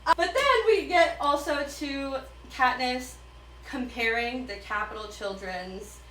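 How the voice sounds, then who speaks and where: A woman giving casual, profane commentary on books, retelling scenes with quick character quips. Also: medium pitch, fairly bright tone, reverberant, far from the mic, a little hiss or hum, rough recording. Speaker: book commentator.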